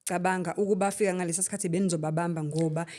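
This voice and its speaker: A woman's voice: lowish voice, fairly even intonation, racing, darkish tone. A woman hosting the talk, giving short supportive prompts and questions. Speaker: host. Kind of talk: interview conversation.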